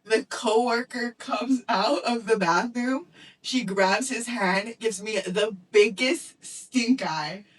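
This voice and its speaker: A woman's voice: a little high, slow pace, far from the mic, poor audio. A woman in her twenties, co-hosting a podcast, chatting casually and acting out the dialogue in her stories. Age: 20s. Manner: animated storytelling, acting out dialogue. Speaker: podcast co-host. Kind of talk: casual chat.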